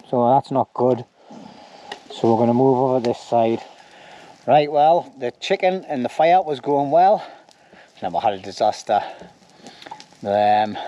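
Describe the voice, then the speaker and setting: A man's voice: medium pitch, dark tone, slight background noise. A man casually narrating a bushcraft camping vlog by a campfire in the woods, chatty and joking, with plenty of "anyway" and "like". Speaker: bushcraft vlogger.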